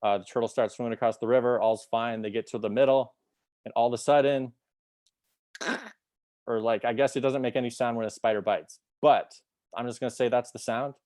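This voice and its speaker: A man's voice: mid-range voice, steady tone, a little fast, darkish tone, no echo, studio quality. A man giving a casual sales training talk over a video call, rambling with many fillers. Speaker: sales team presenter.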